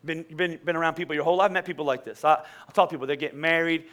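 A man's voice: on the high side, steady tone, quick pace, a bit bright. A man in his forties preaching a sermon in a conversational way that builds to emphatic peaks. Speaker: pastor.

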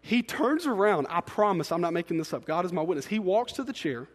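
A man delivers a sermon in a high, lifted voice. He swings from quiet, confiding asides to loud, emphatic peaks. His voice carries a long reverb through a large hall. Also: big pitch swings, brisk. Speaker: pastor.

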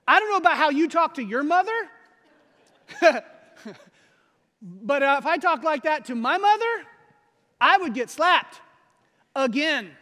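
A man preaching a sermon, animated and laughing often as he acts out quotes. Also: extremely high pitch, measured pace, pauses often. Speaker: pastor. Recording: long hall reverb.

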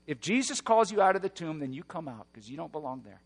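A man preaching a sermon, moving between hushed, slow passages and loud, roaring emphasis. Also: on the high side, animated, long reverb tail. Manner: dynamic preaching, swings from hushed to shouting. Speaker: pastor.

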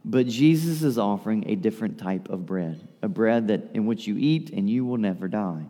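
A man's voice: on the low side, animated, normal speed, dark tone, long reverb tail. A male pastor preaching a sermon in a conversational way, turning to the congregation with rhetorical questions.

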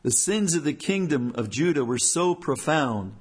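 A man's voice: on the high side, animated, normal speed, few pauses, breathy edge. A man, a church elder, preaching an earnest sermon with emphatic repetition.

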